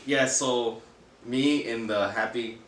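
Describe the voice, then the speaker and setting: A man's voice: medium pitch, steady tone, slow pace, fairly bright tone, distant mic, a little hiss or hum. A young adult man, a podcast co-host, chatting casually in a laid-back way and laughing often. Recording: echoey room, a bit off-mic.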